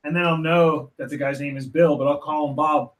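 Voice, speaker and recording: A man's voice: a little high, fairly even intonation, brisk. A man co-hosting a casual podcast, making teasing remarks and telling anecdotes. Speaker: podcast co-host.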